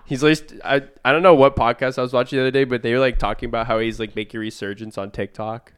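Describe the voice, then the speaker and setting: Casting: young male podcast co-host, casual slangy banter, smooth resonant tone. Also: mid-range voice, fairly even intonation, fast talker. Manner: laid-back, slangy, playful impressions. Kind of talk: casual chat.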